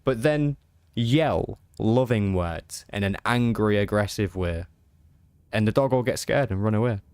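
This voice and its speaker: A man's voice: on the low side, measured pace, a little mellow, clean tone, dry recording, clean studio sound. An English man streaming a game, chatting casually and answering his chat aloud in an easygoing way.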